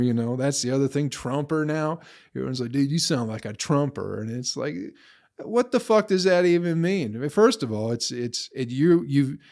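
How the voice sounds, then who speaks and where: A man hosting his own podcast, ranting alone in a heated, profane way. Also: mid-range voice. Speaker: comedian podcast host. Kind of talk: solo podcast rant.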